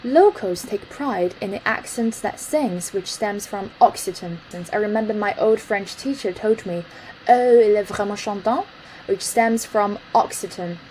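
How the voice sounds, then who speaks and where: A woman's voice: medium pitch, normal speed, hardly any pauses, a little mellow, a little hiss or hum, low-quality recording. A woman hosting a language lesson, explaining an article in an explanatory way and slipping into French with ease. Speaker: host explaining news articles.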